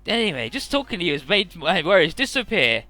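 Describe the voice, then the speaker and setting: A man's voice: sits high, very animated, brisk, pushed and bright, soft background music, full character voice. A man doing a wistful young cyborg soldier girl. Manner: earnest, wistful. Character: self-doubting young female cyborg soldier. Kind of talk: paraphrased game dialogue.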